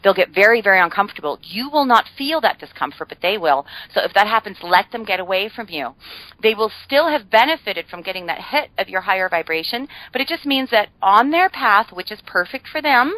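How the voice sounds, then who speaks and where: A woman's voice: medium pitch, lively intonation, brisk, pushed and bright, no room sound, low-quality recording. A woman guest on a podcast, explaining ideas in a chatty way with frequent fillers and playful humor. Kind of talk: casual podcast conversation.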